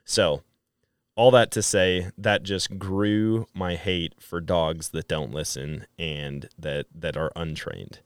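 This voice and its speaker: A middle-aged man from Wisconsin, a podcast guest who tells stories in a casual, animated way and acts out quoted dialogue. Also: sits low, slow pace, clean tone, no echo, clean studio sound. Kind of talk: casual storytelling chat.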